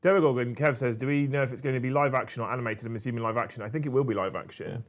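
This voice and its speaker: A man's voice: mid-range voice, fairly even intonation, rapid-fire. A man from England co-hosting a casual livestream, reading out chat messages with a brash, teasing manner and frequent swearing. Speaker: co-host reading live chat.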